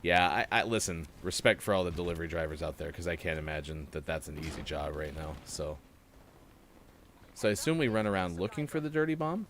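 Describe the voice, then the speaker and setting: A man with a low voice hosts a gaming morning show, talking a little fast in a fairly bright tone over slight background noise. He rambles casually while playing a game, reading out news items between his gameplay remarks.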